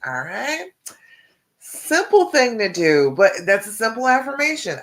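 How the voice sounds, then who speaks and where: A woman's voice: fairly high pitch, very animated, a little slow. A middle-aged woman, coaching on a live stream in an encouraging way and often checking in with "okay?". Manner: encouraging, repeats key points with frequent "okay?" check-ins. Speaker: relationship coach.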